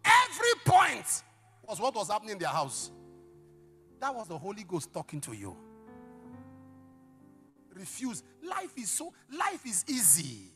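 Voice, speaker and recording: A middle-aged male pastor preaching a sermon, telling stories dramatically with sudden shouts and hushed asides. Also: sits high, huge pitch swings, unhurried, long pauses, soft background music. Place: church service.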